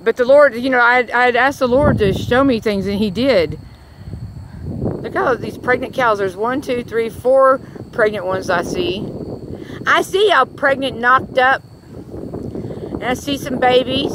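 A woman's voice: on the high side, measured pace. A woman giving a rambling religious rant outdoors in a rural pasture, breaking off to coo at the cows around her. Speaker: religious vlogger. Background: wind and animals.

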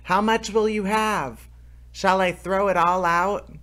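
A man's voice: mid-range voice, unhurried. A man reading aloud as a tiny, cheeky thumb-sized boy in a storybook, pert and prone to bawling. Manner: pert, cheeky, bawls out loud.

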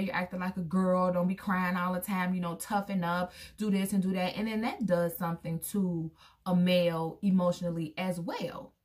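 A woman speaking straight to her viewers in a casual, candid vlog. She's a mother sharing opinions in a mid-range voice. When she quotes people, her voice jumps up sharply to act them out. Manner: acts out quoted voices with big pitch jumps. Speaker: vlogger; parent of a son.

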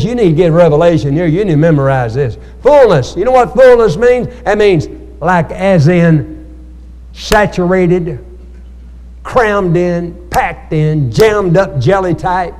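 A man's voice: sits high, lively intonation, measured pace, a little mellow. A male pastor, preaching a sermon and calling on the congregation for amens. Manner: preaching with call-and-response to the congregation. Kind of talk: sermon at Bible study. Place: church hall. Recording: echoey church hall.

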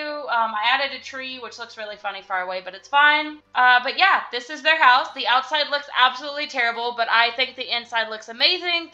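A woman's voice: high-pitched, bright, forceful tone, dull audio. A young woman vlogger giving casual, chatty commentary while playing a life-sim game, giggling and swearing when surprised. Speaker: gaming vlogger.

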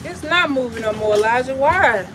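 A woman's voice: sits high, animated, moderate pace, heavy background noise. A woman vlogger at home on a livestream, talking bluntly and profanely as she scolds and rants. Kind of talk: casual livestream rant.

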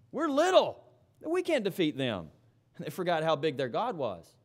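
A man preaching a sermon in church, reading scripture aloud and then explaining it with emphatic repetition. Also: high voice.

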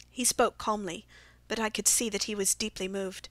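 A woman's voice: medium pitch, steady tone, normal speed, a bit bright, no room sound. Woman narrating a classic mystery. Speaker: audiobook narrator. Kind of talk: scripted narration.

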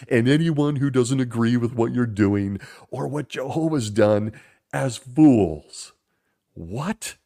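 A man's voice: medium pitch, dark tone. A man hosting a podcast, giving critical commentary in a sarcastic, mocking way. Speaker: podcast host.

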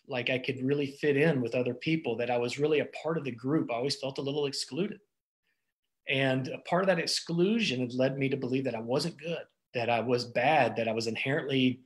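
A middle-aged man, a doctor, giving an earnest, personal motivational talk about stress and thoughts, with frequent restarts and fillers. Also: mid-range voice. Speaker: doctor giving wellness advice.

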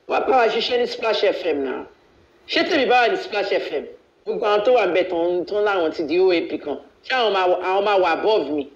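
A man's voice: high-pitched, animated, quick pace. A man from Nigeria hosting a live video, ranting in a blunt, boastful way and switching freely between languages. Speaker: live-stream host. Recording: echoey, dull live-stream audio.

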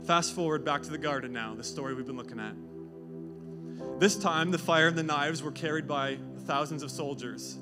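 A man preaching a sermon, retelling scripture with animated storytelling and quick character voices. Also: fairly high pitch, music in the background. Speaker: pastor.

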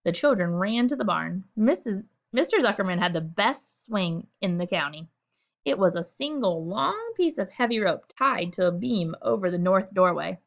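A woman reads a children's story aloud at bedtime, gentle and expressive. Her pitch moves in a lively, animated way through the sentences. The recording sounds dull and lo-fi. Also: normal speed, gravelly. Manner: gentle, expressive, chatty asides.

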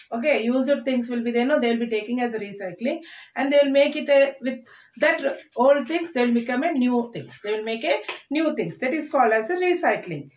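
A woman teaching a class to children. She speaks slowly and deliberately, repeating each word and breaking it into syllables. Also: high voice. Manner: slow, deliberate, repeats words and spells them out in syllables. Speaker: English teacher. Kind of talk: online classroom lesson. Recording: echoey room.

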